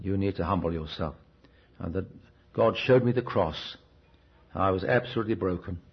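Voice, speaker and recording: A man's voice: low-pitched, moderate pace, slightly rough. A man preaching a sermon in a conversational, storytelling way, often asking the listeners questions. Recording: dull, restored cassette recording.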